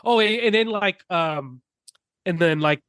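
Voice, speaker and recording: A man's voice: high voice, measured pace, a bit bright, clear, resonant tone, no room sound. A man hosting a casual podcast chat, rambling through his points. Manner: rambling, heavy on fillers and restarts. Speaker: podcast host.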